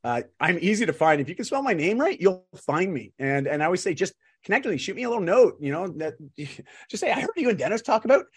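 A man, a guest coach, talking in an animated, upbeat way and laughing often in a casual interview. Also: high-pitched, brisk, breathy edge. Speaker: guest, fitness and lifestyle coach. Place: home in Vancouver, remote call.

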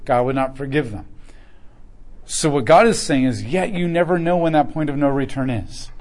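A man's voice: on the high side, a little mellow. A man preaching verse by verse in a conversational way, acting out little quoted asides. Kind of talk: verse-by-verse sermon teaching.

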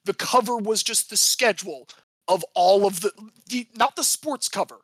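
A man's voice: high voice, moderate pace, fairly bright tone, no room sound. A man from the United States co-hosting a casual sports history chat, rambling and jokey, often correcting himself mid-sentence. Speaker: podcast co-host.

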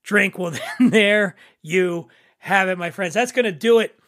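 Guy hosting a podcast, jolly and chatty, highish voice, dry sound. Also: measured pace, a bit bright, no echo. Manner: jovial, laughs easily. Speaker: podcast host. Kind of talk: casual podcast chat.

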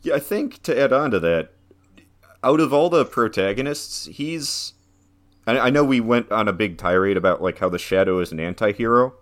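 Low-voiced man, relaxed and casual. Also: moderate pace. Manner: relaxed, leans on "like" as a filler. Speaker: podcast co-host. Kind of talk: casual film discussion.

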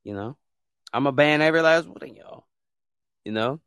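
A man's voice: on the high side, moderate pace, fairly bright tone, smooth, no echo. A man who hosts a podcast, scolding listeners in a heated, repetitive rant about trolls and bans. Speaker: podcast host. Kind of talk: ranting monologue.

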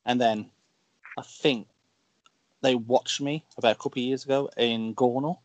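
A man's voice: mid-range voice, normal speed, no echo. A man from the Black Country with its accent, a wrestler guest chatting on a podcast and telling stories that act out what people said. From Dudley, Black Country, England. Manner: animated storyteller, acts out quoted lines. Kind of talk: casual podcast chat.

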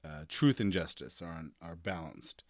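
A man's voice: low voice, moderate pace, darkish tone, no room sound, clean studio sound. A man co-hosting a podcast in casual chat, chatty, reading from notes and laughing easily. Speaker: podcast co-host.

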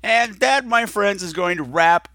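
A man's voice: high-pitched, animated, unhurried, sharp tone, no room sound, clean studio sound. A man hosting a podcast, talking in a campy, teasing, theatrical monologue. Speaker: podcast host.

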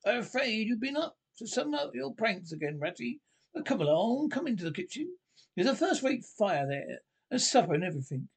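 A man voicing a rough-voiced, gruff but kindly old male badger in a storybook reading. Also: high-pitched, big pitch swings, moderate pace, voice pushed up, exaggerated voice.

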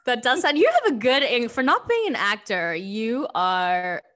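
A bubbly woman co-hosting a podcast, with a slightly high voice. She keeps the chat playful and laughs often. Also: expressive, measured pace, fairly bright tone. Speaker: podcast co-host. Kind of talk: casual chat.

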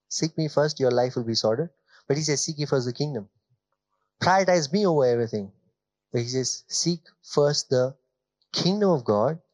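Pastor preaching conversationally. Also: male voice, sits high, no room sound. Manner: conversational preaching with rhetorical questions, drawn-out emphatic phrases. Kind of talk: sermon.

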